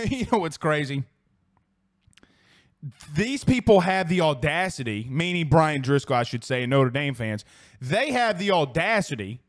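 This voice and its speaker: A sports show host from South Louisiana, talking with the accent of that region. He rants hot and profane, reading live chat comments between jabs. His voice sits somewhat high for a man. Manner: heated, profane, fired-up ranting.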